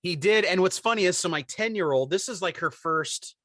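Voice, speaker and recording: A man in his forties telling a story on a podcast in casual chat, animated and acting out the voices of people in it. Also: high voice, fairly quick, dry recording, studio quality. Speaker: podcast co-host.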